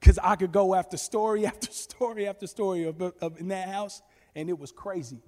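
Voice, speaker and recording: A man preaching a sermon, telling stories in an animated way with bursts of shouting. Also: high voice, a little fast. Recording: long reverb with faint music.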